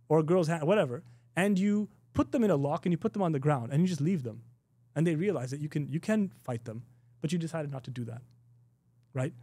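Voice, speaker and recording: Middle-aged male teacher, relaxed and conversational, slightly high and warm, dry close sound. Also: slightly rough, no echo. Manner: conversational, laughs often, many restarts and "you know"; acts out quoted exchanges in a raised voice. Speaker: Islamic teacher. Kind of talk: informal recorded class.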